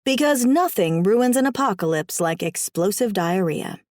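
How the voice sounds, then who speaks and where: A woman narrates a first-person audiobook with wry, expressive comic timing. Her voice sits in a middle pitch range, and the sound is dry and close. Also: moderate pace, dry recording.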